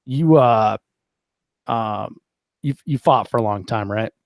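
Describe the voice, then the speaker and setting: A man hosting a casual podcast interview, relaxed and chatty, reading out listener comments and asking long questions. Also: lowish voice, takes it slowly, gravelly, dry recording. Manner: relaxed, chatty, reads live chat aloud. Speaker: podcast host.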